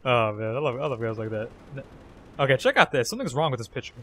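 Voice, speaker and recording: A man's voice: mid-range voice, animated, very fast, fairly bright tone, breathy edge. A man giving casual, jokey, rambling commentary over his own gameplay. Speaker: gaming commentator.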